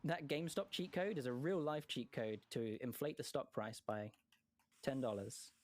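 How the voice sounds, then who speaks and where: A man's voice: mid-range voice, darkish tone. A man giving live speedrun commentary in a chatty way, often correcting himself and joking. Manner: chatty, self-correcting, quick jokes and laughs.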